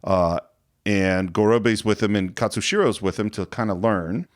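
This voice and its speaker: A man co-hosting a film podcast, casually walking through a movie scene by scene and briefly acting out characters' lines. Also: fairly low pitch. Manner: animated retelling of scenes, acting out lines in quick voices. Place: podcast studio.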